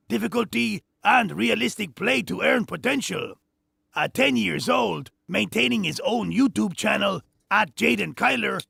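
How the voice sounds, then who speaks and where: A man's voice: high voice, vocal fry, bright, forceful tone, breathy edge, no echo, clean studio sound, heavily acted. A man doing a Mexican gangster voice as a segment announcer, reading a recorded promo with tough-guy swagger and a Mexican Spanish accent.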